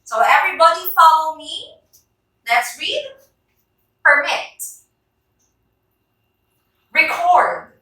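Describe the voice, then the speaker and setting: Slow, bright-voiced Filipino woman teacher. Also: high voice. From Philippines. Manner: encouraging, drills words aloud with the class. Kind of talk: classroom teaching demonstration. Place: classroom. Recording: roomy echo, voice from far off.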